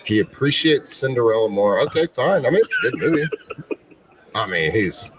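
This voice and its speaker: A man's voice: mid-range voice, huge pitch swings, moderate pace, distant mic, a little hiss or hum, low-quality recording. A man in his forties from Texas, a former quarterback guest chatting in a laid-back, joking, rambling way at a radio row event. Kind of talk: casual interview chat.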